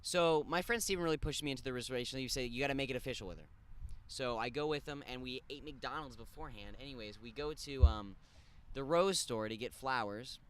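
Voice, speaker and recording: A young man co-hosting a podcast, telling a crude story in casual chat, animated and jumping from loud bursts to mumbled asides. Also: medium pitch, fast, clear, resonant tone. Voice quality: crude, joking banter. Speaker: podcast co-host.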